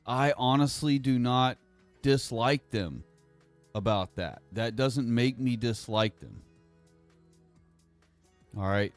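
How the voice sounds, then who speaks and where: Male streamer, mid-pitched, meandering delivery, dry close sound, faint music underneath. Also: no room sound. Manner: rambling, halting, repeats himself. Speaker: livestream host. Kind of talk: casual livestream monologue.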